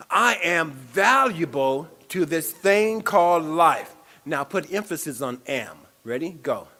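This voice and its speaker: Guy preaching at a spiritual center, kinda high voice, keeps circling back to phrases. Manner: warm, playful preaching with affirmations and repeated phrases. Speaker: spiritual speaker. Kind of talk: sermon.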